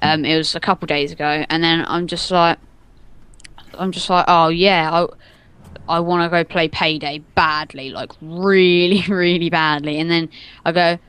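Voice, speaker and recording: A young man telling a story on a gaming podcast, acting out quotes with loud yelps and laughs. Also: fairly high pitch, steady tone, normal speed, clean tone. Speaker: podcast co-host. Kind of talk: casual storytelling chat.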